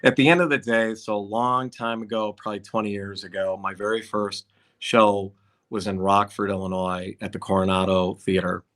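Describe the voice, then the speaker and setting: A middle-aged concert promoter tells a long anecdote, slipping into the voices of the people in it. His voice sits low but sounds bright and forceful. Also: moderate pace. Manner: animated, acts out dialogue in quotes. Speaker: concert promoter, podcast guest. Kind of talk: anecdotal storytelling in conversation.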